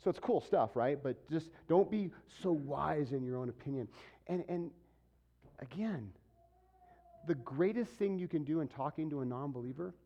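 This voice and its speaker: A man preaching a sermon to his church in a lively, conversational way, acting out what people say. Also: a little high, lo-fi sound. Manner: animated, conversational preaching with acted-out quotes. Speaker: pastor.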